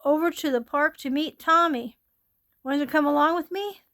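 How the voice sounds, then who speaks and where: A high-voiced young girl, read by a woman storyteller, sounding bright and affectionate toward her dog. Her talk is warm and simple, sometimes softly pleading. It is a plain, everyday read-aloud voice rather than a heavy character voice. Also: measured pace. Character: cheerful young girl, devoted dog owner.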